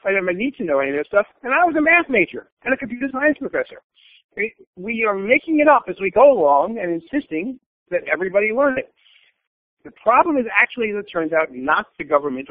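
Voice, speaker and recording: Older guy being blunt and opinionated, lively up and down voice, tinny phone sound. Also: high voice, no echo. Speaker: guest. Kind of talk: conversational interview.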